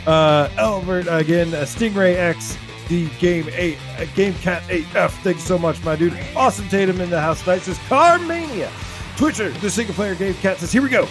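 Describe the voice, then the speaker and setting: A man's voice: high voice, fairly even intonation, normal speed, over music. A man co-hosting a live gaming stream, reading viewer names in a playful, laughing, sing-song way. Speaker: podcast co-host. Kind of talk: reading chat shout-outs.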